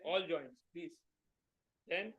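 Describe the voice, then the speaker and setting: A man's voice: on the high side, takes it slowly, fairly bright tone, dull audio. A man teaching a scripture class, prompting the reader with short questions and repeating key words back.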